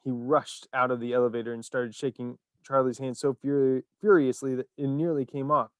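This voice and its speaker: A man narrating a children's story in an expressive, animated reading. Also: mid-range voice, brisk, clear, resonant tone, no echo, clean studio sound.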